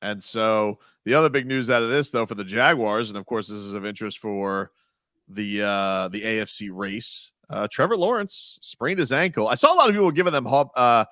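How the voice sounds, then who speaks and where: Bright-voiced male sports radio host. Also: fairly low pitch, normal speed, no echo, clean studio sound. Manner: rambling, self-interrupting, reads ad lines. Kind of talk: casual sports talk.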